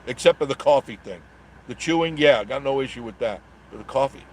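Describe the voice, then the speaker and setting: A man's voice: mid-range voice, fast talker, slight background noise. Chatty, jokey middle-aged man. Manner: rambling and jokey, reads comments aloud, chuckles often. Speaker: live-stream host reading viewer comments. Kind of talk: casual live-stream chat.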